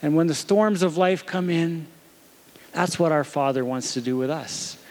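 High-voiced pastor telling a family story. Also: male voice, normal speed. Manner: storytelling, gentle, talks to his little daughter. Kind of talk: sermon.

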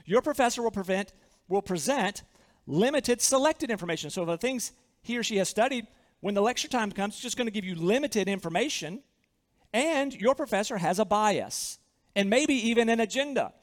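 A Southern man delivers a sermon with a high, ringing voice. He preaches earnestly and with emphasis, doubling back on his phrases, and his words trail off into the long reverb of a big church hall. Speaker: pastor.

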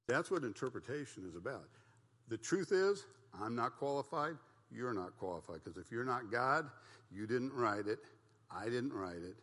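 A man's voice: medium pitch, fairly bright tone. An older man leading a church Bible study class, teaching in a folksy, joking way and asking the group questions. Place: church meeting room. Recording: long hall reverb.

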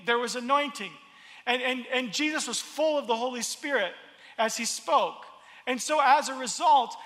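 A man preaching a sermon, expressive and repeating his words as he builds each point. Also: very high voice, big-room sound. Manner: expressive, acts out crowd voices, repeats words. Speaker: pastor.

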